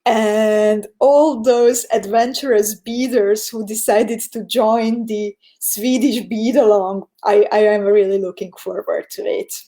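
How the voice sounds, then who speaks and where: A woman's voice: mid-range voice, fairly even intonation, slow, hardly any pauses, mellow. A woman with a Hungarian accent, a native Hungarian speaker, teaching a beading tutorial on a live stream, chatting about viewer comments and giving step-by-step instructions. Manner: chatty, reads viewer comments aloud, laughs often.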